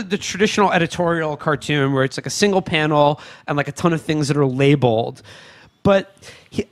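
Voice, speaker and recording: A man co-hosting a podcast in casual chat, halting and restarting his sentences often. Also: high-pitched, a bit bright. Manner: halting, with frequent restarts and stammered repeats. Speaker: podcast co-host.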